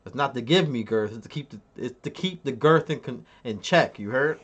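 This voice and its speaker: A man's voice: medium pitch, animated, moderate pace, husky, dull audio. Joking, boastful man streaming to chat. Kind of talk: casual live-stream chat.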